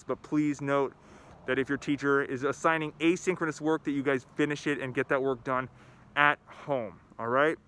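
A man's voice: medium pitch, a bit bright, clean tone, dry recording. A man who is a school principal, talking upbeat and enthusiastic in a video message to students and telling corny jokes.

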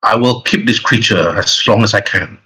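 A man's voice: fairly low pitch, normal speed, sharp tone, low-quality recording. A man doing a grave old mentor. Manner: solemn, pleading commands.

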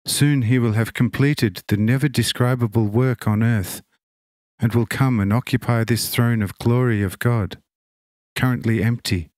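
A man voicing an enraptured, devout young woman who stammers out slow, awed exclamations as she sees heaven open. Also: medium pitch, a little mellow, dry recording, clean studio sound, lightly acted. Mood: exultant.

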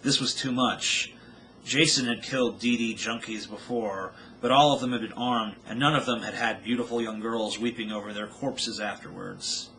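A man's voice: fairly low pitch, moderate pace, bright, forceful tone, a little hiss or hum, poor audio. A man reading his own novel aloud with dramatic storytelling narration.

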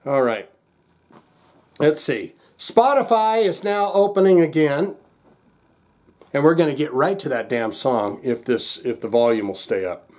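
A man's voice: mid-range voice, expressive, a little slow, pauses often, darkish tone. A man hosting a casual reaction vlog, agitated and exasperated, rambling with lots of restarts and swearing. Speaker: music reaction channel host.

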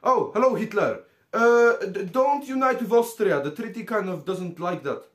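A man's voice: sits high, lively intonation, moderate pace. A man hosting a comedic history explainer, joking and swearing and calling his viewers comrades. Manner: profane, jokey, calls the audience comrades constantly. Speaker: history video host.

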